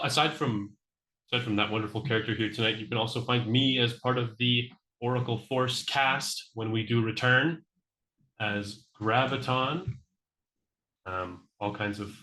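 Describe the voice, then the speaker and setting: Guy with a bright voice hyping his game character, echoey room. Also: mid-range voice. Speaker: tabletop player. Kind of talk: casual stream introduction.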